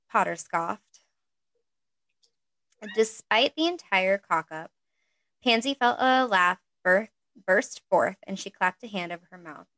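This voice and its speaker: A woman reads a story aloud in a relaxed, casual way and now and then breaks off for chatty asides of her own. Her voice sits at an ordinary middle pitch in a dry, close space with no room echo. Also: measured pace. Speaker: reader.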